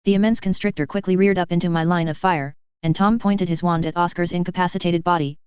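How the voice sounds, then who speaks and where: A woman's voice: fairly low pitch, steady tone, fast, hardly any pauses, darkish tone, clean tone, no echo. A woman narrating a first-person fan fiction audiobook with wry, dry storytelling. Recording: dull lo-fi recording.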